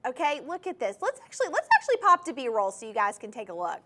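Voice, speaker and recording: Enthusiastic woman shopping host, bright higher voice with a wildly lively pitch, live TV sales pitch. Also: quick pace, a little hiss or hum. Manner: gushing, enthusiastic, talks straight to viewers. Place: TV studio.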